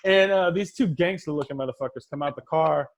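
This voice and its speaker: A stand-up comedian in his thirties from Los Angeles performs a set over a video call, telling casual, profane stories and acting out the voices of the people in them. His high-leaning voice is brisk, and the sound is lo-fi.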